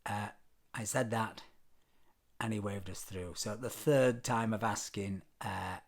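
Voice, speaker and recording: In a lowish voice with fairly even intonation, a man from Britain recounts a travel tale for his vlog at a measured pace. His British English delivery is casual, full of ums and dry self-deprecating remarks.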